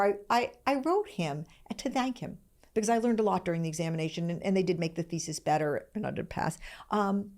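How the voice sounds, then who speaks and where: A woman in her sixties hosts a solo podcast, sharing a personal story candidly and emotionally, searching herself and nearly crying at moments. Her voice is medium-pitched and a little mellow.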